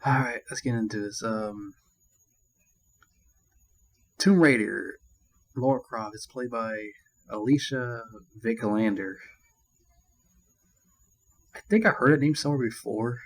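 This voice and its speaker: A man's voice: medium pitch, slow pace, pauses often, rough recording. A man giving a casual movie review, rambling and ranting with constant swearing and crude jokes. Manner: crude, profanity-laden rambling; annoyed ranting.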